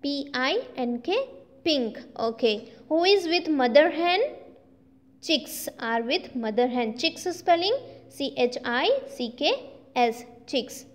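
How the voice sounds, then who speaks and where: A woman's voice: high voice, expressive, slow, big-room sound. A woman teaching young children, spelling out each word letter by letter and repeating it in a sing-song way. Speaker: primary school teacher.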